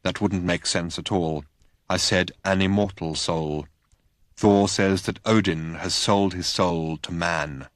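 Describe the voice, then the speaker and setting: A man's voice: low voice, fairly even intonation, slow pace, no echo, clean studio sound. A man voicing a gloomy, taciturn old male god who talks in terse, clipped phrases. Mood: grim.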